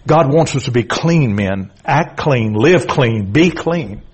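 A man's voice: medium pitch, lively intonation, slow, slight background noise, poor audio. A middle-aged man preaching a blunt, emphatic sermon, repeating phrases and calling out to the congregation. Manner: calls out to the congregation. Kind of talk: fiery sermon.

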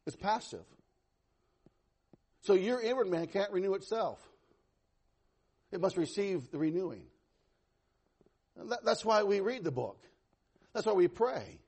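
Male pastor, high husky voice, animated sermon, loud-to-soft swings, folksy humor. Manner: conversational, self-deprecating humor.

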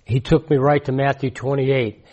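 A man in his sixties preaching in a conversational, emphatic way, repeating his key points and swinging from loud to hushed. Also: mid-range voice, steady tone, normal speed. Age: 60s. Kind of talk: conversational sermon testimony.

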